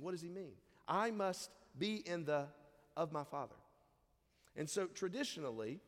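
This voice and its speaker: A man's voice: on the high side, big-room sound. A man preaching a sermon in a conversational way, reading scripture and briefly acting out the people in the story. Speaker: pastor.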